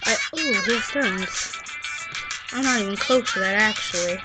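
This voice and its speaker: A woman's voice: mid-range voice, normal speed, rough recording. A young girl rambling through casual, self-mocking gameplay commentary, easily sidetracked. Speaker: game vlogger. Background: loud game music.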